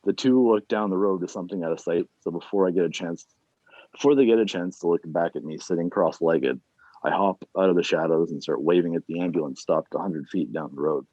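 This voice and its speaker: A man reading his own fiction aloud at an online reading series, plain and unhurried, with casual asides between chapters. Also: low-pitched, dark tone, no echo. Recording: dull, dry lo-fi sound.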